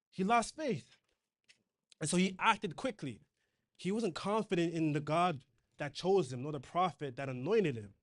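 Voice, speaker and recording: A man's voice: sits high, animated, measured pace. A man preaching a sermon in a conversational way, reading scripture aloud and retelling it in casual slang.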